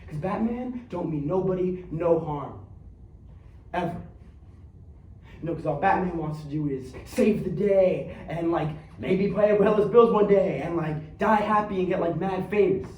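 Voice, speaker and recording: A man's voice: sits high, a little slow, lo-fi sound, slight background noise. An actor on a theater stage playing a streetwise young man who believes he is Batman, talking in slang and acting out fights with sound effects. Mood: brooding. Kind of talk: theatrical monologue. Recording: echoey stage recorded from far off.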